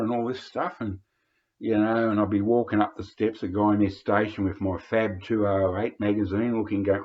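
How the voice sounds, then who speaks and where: Older Australian man, low voice, hesitant rambling storytelling, muffled lo-fi recording. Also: steady tone, moderate pace. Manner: hesitant, many fillers and restarts. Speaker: vlogger reminiscing. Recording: dull lo-fi recording.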